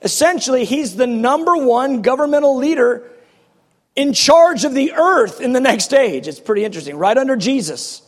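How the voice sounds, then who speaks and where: A male preacher delivers an animated, passionate sermon in quick bursts. His voice sits very high, and it rings through a long hall reverb.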